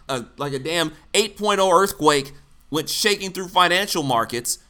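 A man's voice: high-pitched, animated, normal speed, pushed and bright. A man from the United States giving blunt, sarcastic political commentary, swearing freely. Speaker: commentary host.

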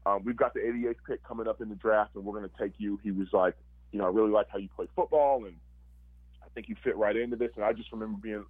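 A man's voice: fairly low pitch, fairly even intonation, fast talker, slightly rough, dry recording, narrow, tinny audio. A man, a former football player, telling his story casually and animatedly, acting out quotes with lots of fillers.

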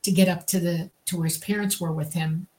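A woman hosting a talk show, telling her own story calmly with a few fillers. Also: on the low side, brisk. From US state of Georgia. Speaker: podcast host. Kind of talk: casual storytelling.

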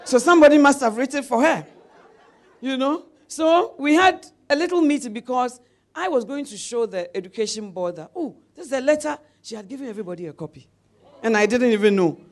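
A woman's voice: sits high, animated, brisk, some chatter behind. A middle-aged woman preacher delivering a sermon, telling a personal story with laughter and calls of amen.

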